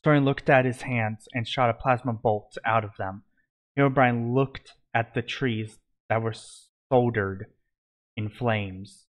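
A man reading his own fan fiction story aloud in a plain, steady storytelling manner. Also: medium pitch, measured pace.

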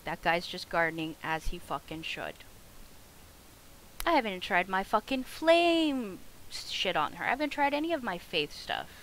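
A woman streaming a video game live, swearing a lot and talking to the enemies on screen, going from loud outbursts to quiet mutters. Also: medium pitch, very animated, normal speed, a little hiss or hum, poor audio. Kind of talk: live gameplay commentary.

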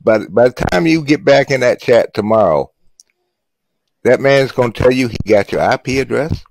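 A man needling another panelist in slow, drawling roast banter on a live stream. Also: mid-range voice, no echo.

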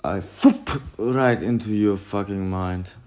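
A man voicing a creepy male nightmare stalker in a crude mock ASMR monologue, slow and menacing. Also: fairly low pitch, darkish tone, pitched below the performer's own voice. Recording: echoey room with faint noise.

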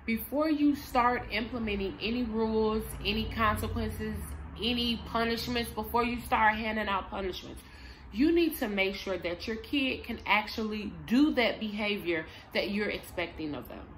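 A woman's voice: a little high, moderate pace, a bit bright, slight background noise. A woman explaining parenting techniques, speaking emphatically and addressing moms directly. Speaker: parenting coach and behavior analyst. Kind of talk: instructional parenting vlog.

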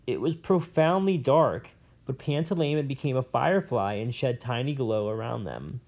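A man's voice: medium pitch, a little mellow. A man reading a novel aloud in a plain way, with small slips and restarts. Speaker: reader.

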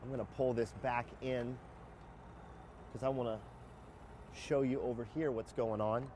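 A man's voice: medium pitch, fairly even intonation, a little slow, darkish tone, slight background noise. A man hosting a casual live sales walkthrough outdoors beside a motorhome, upbeat and chatty with frequent fillers. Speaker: host of a sales livestream. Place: outdoors by a motorhome near a highway.

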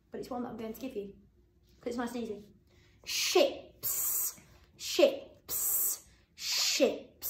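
A woman teacher giving a phonics lesson to young children, sounding out letters slowly and clearly and praising warmly. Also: fairly high pitch. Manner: encouraging praise. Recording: roomy echo.

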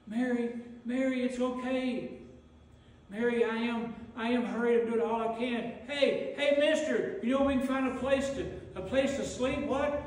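A man's voice: very high voice, fairly even intonation, a little slow, darkish tone, voice pushed up. A man voicing Joseph as a frantic young husband, stammering and pleading as he leads a donkey through a crowd. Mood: hurried, pleading. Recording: echoey hall from far off.

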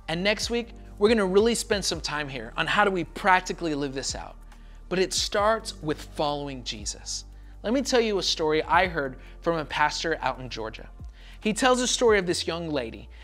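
A woman pastor preaching a sermon in an earnest, repetitive cadence. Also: fairly low pitch.

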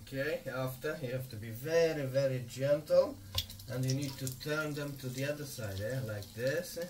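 A man's voice: medium pitch, moderate pace. A man hosting a cooking tutorial in his home kitchen, talking viewers through each step and ending lines with a friendly "eh?". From Madeira, Portugal. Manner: friendly, tags sentences with "eh?". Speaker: home cook, video host. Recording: distant mic, faint room noise.

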